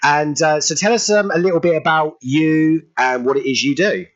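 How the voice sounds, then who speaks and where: A man's voice: fairly high pitch, normal speed, highs cut off. A man hosting a radio show, chatting in an effusive, rambling way with lots of fillers. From United Kingdom. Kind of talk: casual radio chat.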